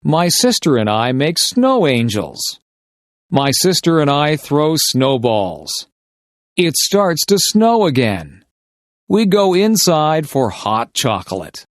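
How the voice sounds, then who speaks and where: Slow, deliberate male story reader. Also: fairly high pitch, big pitch swings, no echo, studio quality. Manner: deliberate, carefully paced reading of short sentences. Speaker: English practice reader. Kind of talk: slow scripted story reading for shadowing practice.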